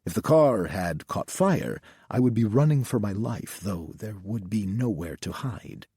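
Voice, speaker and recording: A man reads a novel aloud in measured, tense narration. His voice is husky and lowish, swinging widely in pitch. The recording is dry and close. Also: warm tone, no echo. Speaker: audiobook narrator. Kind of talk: scripted audiobook narration.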